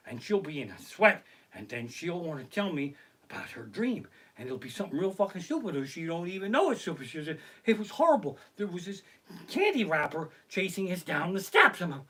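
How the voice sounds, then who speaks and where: A middle-aged man does comic storytelling on a home live stream, swearing freely and acting out his tales. His voice sits a little high and sounds bright and forward. His pitch leaps around expressively. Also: breathy edge. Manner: profane, animated storytelling. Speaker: comedian. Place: home living room. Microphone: basic home streaming setup.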